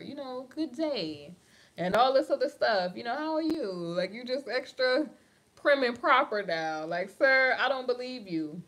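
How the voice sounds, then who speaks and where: A woman's voice: a little high, a bit bright. Chatty woman gossiping on a livestream. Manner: chatty, says "honey" a lot, reads viewer comments aloud. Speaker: livestream host. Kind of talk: casual celebrity gossip chat. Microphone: phone or webcam on a live stream.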